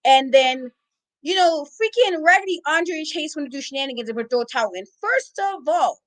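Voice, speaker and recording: A woman co-hosting a casual wrestling talk show, ranting in a sassy, exasperated, animated way. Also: high-pitched, normal speed, no room sound, rough recording. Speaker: podcast co-host. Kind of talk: casual wrestling recap rant.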